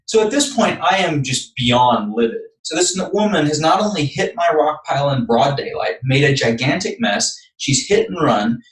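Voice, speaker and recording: A man's voice: on the high side, expressive, normal speed, few pauses, recorded from a distance. A man from Texas, a podcast guest, earnestly telling a personal story step by step. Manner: earnest, building up anecdotes step by step. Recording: echoey room, voice off-mic.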